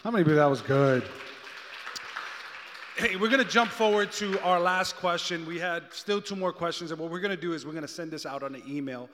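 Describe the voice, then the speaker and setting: A man's voice: fairly high pitch, fairly quick, long reverb tail, a crowd in the background, noisy background. A man hosting a church question-and-answer session, upbeat and conversational. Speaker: host.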